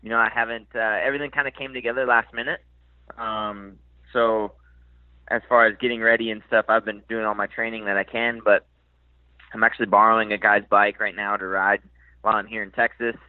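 A man in his thirties from Minnesota with a faint Minnesota accent, talking casually in an interview, relaxed and hesitant with many fillers. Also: fairly low pitch, fairly quick, dry recording. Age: 30s. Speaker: motocross racer. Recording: dry, tinny phone-like line.

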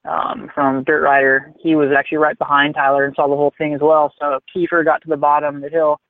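A man's voice: a little high, fast, dry recording. Man telling a story over a tinny line. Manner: rambling, animated, swears freely. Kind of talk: casual storytelling. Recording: tinny phone-like line, dry.

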